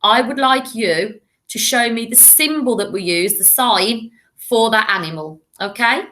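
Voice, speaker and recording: An English woman, a primary school teacher, giving a recorded lesson to children, speaking clearly and encouragingly and modelling words for them to repeat. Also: on the high side, unhurried, sharp tone.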